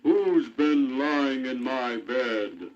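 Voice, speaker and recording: A man voicing a big, stern papa bear who scolds in a loud, booming voice. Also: lively intonation, very slow, a little hiss or hum. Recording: muffled old vinyl record.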